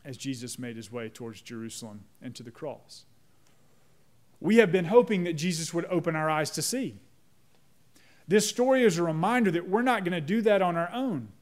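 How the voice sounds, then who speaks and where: A man preaching a sermon as pastor, slowing down to lead a prayer. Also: high-pitched. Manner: measured, slows down on prayer phrases; leads the congregation in repeating a prayer.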